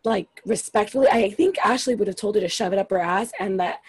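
A woman's voice: mid-range voice, a little fast, slightly rough. A woman in casual chat about a reality show, blunt, opinionated and swearing freely.

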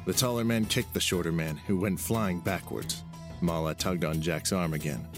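A man with a very deep voice narrates a novel chapter in a steady storytelling manner. Clear music plays underneath him. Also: normal speed. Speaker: audiobook narrator. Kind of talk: scripted narration.

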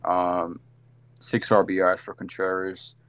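A man's voice: deep voice, flat delivery, slow pace, a bit bright, clean tone. A man co-hosting a casual sports podcast, rambling through game recaps with lots of fillers and self-corrections. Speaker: podcast co-host.

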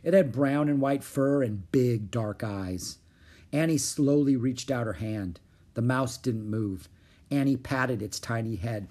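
A man reading a children's chapter book aloud in an expressive storytelling way. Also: medium pitch, unhurried. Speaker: storybook reader.

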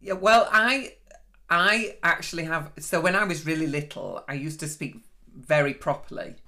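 Woman, Yorkshire accent, bright voice, self-deprecating casual chat. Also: deep voice, normal speed. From Yorkshire, England. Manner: self-deprecating, laughs at her own stories.

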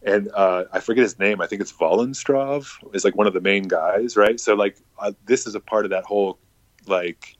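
A man with a somewhat low voice tells a loose, rambling story in casual chat, swearing freely and filling gaps with "like." The sound is dry and a little dull and lo-fi. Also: moderate pace, no room sound. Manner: rambling, profane, heavy on filler words.

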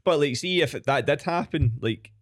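A man's voice: fairly high pitch, moderate pace, dry recording, studio quality. A man co-hosting a podcast, reflective and hedging, with a wry edge. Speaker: podcast co-host. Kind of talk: casual chat.

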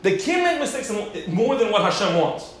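A man teaching a Torah class, telling stories in an animated way and acting out the voices he quotes. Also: high voice, moderate pace. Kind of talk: Torah lecture with storytelling. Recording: very echoey room, faint background hiss.

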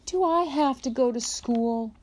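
A woman voicing an eager little pioneer girl of about seven, high and pleading. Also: measured pace, darkish tone.

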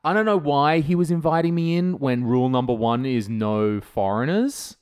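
A man from Australia telling a story in casual chat, animated and swearing, acting out other people's voices. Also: mid-range voice, normal speed, smooth.

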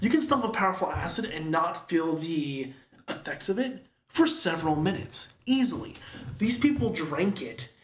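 A man's voice: on the high side, moderate pace. Rambling, chatty man in an echoey room. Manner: rambling, filler-heavy storytelling with animated quoted voices. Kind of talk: casual chat recapping a film.

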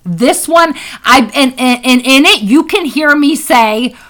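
Bright, high-voiced laughing woman. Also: a little slow, poor audio. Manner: animated storytelling, laughs often, swears freely. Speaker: podcast co-host. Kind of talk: casual chat.

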